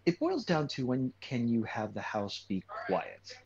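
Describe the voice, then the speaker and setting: A man's voice: mid-range voice, wildly swooping pitch, unhurried, gravelly, a little mellow, slightly rough. A man chatting casually as a guest voice actor, plain-spoken and matter-of-fact. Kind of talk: casual chat. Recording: muffled lo-fi mic.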